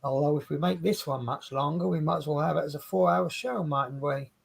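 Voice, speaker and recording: Give me a chatty man with a high voice, telling long stories on a livestream. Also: a little fast, creaky, breathy edge. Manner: rambling, chatty, laughs at own stories. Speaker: co-host of a craft livestream. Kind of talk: casual chat. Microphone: video call stream.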